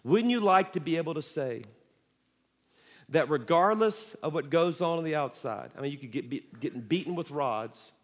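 A man with a high voice preaches to his congregation, pressing his points with animated emphasis and sudden drops to a hush. The sound rings with a long reverb from the church sanctuary. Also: moderate pace. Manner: animated, emphatic preaching with shifts between loud and quiet. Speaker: pastor. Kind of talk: sermon.

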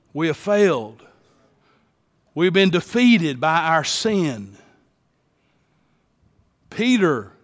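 Male pastor, sermon delivery, high voice, deliberate pace, hushed-to-emphatic swings. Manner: preacher cadence, drops to hushed lines then rises to emphatic calls. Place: church sanctuary. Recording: long hall reverb.

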